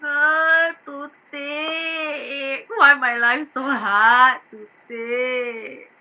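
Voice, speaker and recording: A woman's voice: high-pitched, steady tone, very slow, lo-fi sound, heavily acted. A woman playing a self-pitying, melodramatic wealthy employer, in a staged play reading. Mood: whiny. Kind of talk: staged play reading over video call.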